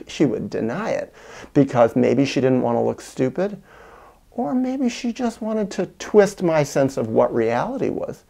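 A man recounting a childhood story in a reflective monologue, acting out quoted lines with whispers and bursts of higher pitch. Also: big pitch swings, measured pace, gravelly, warm tone. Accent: American. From United States. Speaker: video essayist on parenting.

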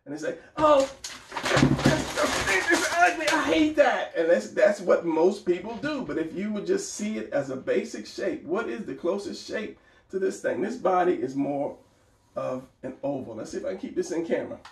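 Male art teacher, casual and encouraging, gravelly, recorded off-mic in an echoey room. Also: high-pitched, expressive, moderate pace, darkish tone, a little hiss or hum. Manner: encouraging, talks while sketching, repeats phrases. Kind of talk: casual drawing tutorial. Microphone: camera mic at a distance. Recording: roomy, distant camera mic.

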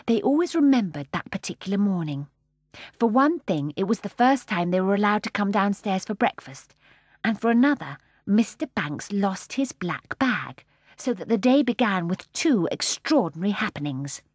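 Female audiobook narrator, expressive and measured, mid pitch, dry sound. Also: husky, no room sound. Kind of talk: scripted narration.

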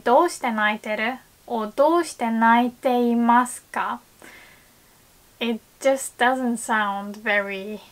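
A woman teaching Japanese grammar in a video lesson, explaining patiently in English and slowly repeating Japanese example phrases. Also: fairly high pitch, fairly bright tone.

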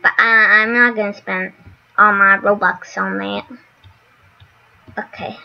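A woman casually commenting on her gameplay, excitable and gushing. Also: medium pitch, slow, vocal fry, dull audio. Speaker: gaming channel host.

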